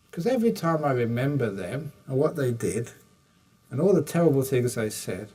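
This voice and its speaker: An older man with a mid-range, slightly mellow voice gives a dharma talk as a meditation teacher, recorded from a distance in a retreat hall. He answers retreat questions with humor, telling stories and acting out dialogue.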